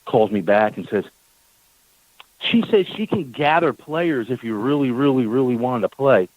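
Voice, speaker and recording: Brief: male talk-radio guest, lively storyteller, middle pitch, dry close mic. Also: normal speed, no room sound, narrow, tinny audio. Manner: animated storyteller, acts out quoted exchanges; repeats words when worked up. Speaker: team owner guest.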